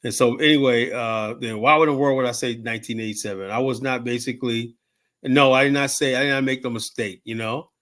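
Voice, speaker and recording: A man's voice: mid-range voice, fairly even intonation, brisk, fairly bright tone. Guy in his 50s rambling on about old club days, cussing a lot, lots of uh and you know. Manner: profane, rambling, heavy fillers and restarts. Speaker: show host telling stories. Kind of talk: rambling casual storytelling.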